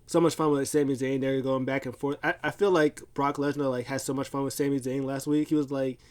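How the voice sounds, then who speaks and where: A man's voice: medium pitch, level tone, a little fast, darkish tone. A man casually recapping a wrestling show, rambling with lots of fillers and restarts. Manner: rambling, filler-heavy storytelling.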